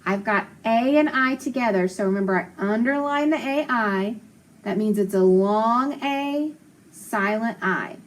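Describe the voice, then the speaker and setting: A woman teaching a phonics lesson, slowly sounding out words and praising often. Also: fairly high pitch. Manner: encouraging, slow sounding-out of words.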